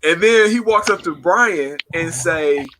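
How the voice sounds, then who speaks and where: A man hosting a casual group chat, telling stories with lively acted-out quotes and frequent laughter. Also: high voice, unhurried, a little hiss or hum. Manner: animated storytelling, acts out quotes, laughs often.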